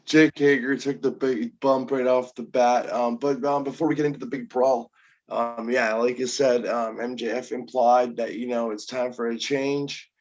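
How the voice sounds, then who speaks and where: A man's voice: medium pitch, little pitch movement, normal speed, a little mellow, highs cut off. A man co-hosting a casual review chat, loose and joking, with many hesitations. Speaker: co-host.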